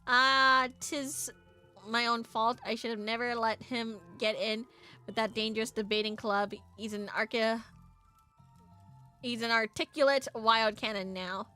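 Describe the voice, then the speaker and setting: A woman's voice: fairly high pitch, fairly even intonation, unhurried, pushed and bright, clear, resonant tone, faint music behind. A woman doing a fretful folksy ghost mum. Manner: old-fashioned folksy dialect. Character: fretful middle-aged ghost mother.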